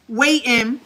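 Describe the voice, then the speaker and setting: High, bright-voiced woman. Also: slight background noise. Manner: animated, sassy, acts out quoted exchanges. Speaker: livestream host. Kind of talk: casual live chat and storytelling.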